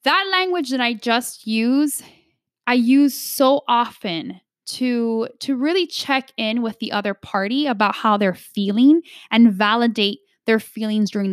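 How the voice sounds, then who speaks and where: Emphatic woman coaching negotiation, fairly high voice. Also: dry recording, studio quality. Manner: emphatic, coaching, frequent "right?" tags. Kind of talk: instructional talk to an audience.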